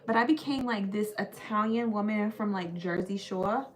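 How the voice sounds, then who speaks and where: A woman's voice: medium pitch, moderate pace. A young woman hosting a casual livestream, chatting and giggling as she answers her viewers.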